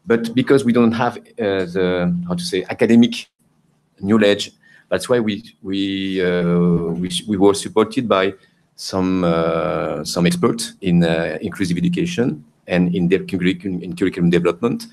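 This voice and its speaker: Low-voiced hesitant male panelist. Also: steady tone, moderate pace, gravelly, a little mellow. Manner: hesitant, many fillers and restarts. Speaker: panelist from Cambodia. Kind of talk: conference panel remarks.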